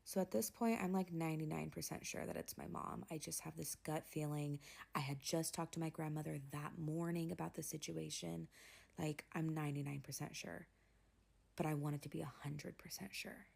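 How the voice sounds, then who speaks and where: Creaky-voiced young woman telling a story. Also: deep voice, steady tone, normal speed. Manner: emotional, confiding retelling, often hushed. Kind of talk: personal storytime narration.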